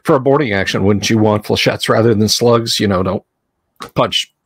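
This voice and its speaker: A man's voice: lowish voice, moderate pace, slightly rough, no room sound. A man playing a tabletop game who makes joking asides between turns. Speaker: player. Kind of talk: casual tabletop game chat.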